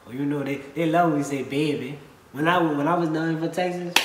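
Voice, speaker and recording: Young New Orleans woman, animated casual chat, echoey room with faint hiss. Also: sits low, fairly quick. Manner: animated, laughing, acts out quotes. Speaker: co-host. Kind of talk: casual chat explaining slang.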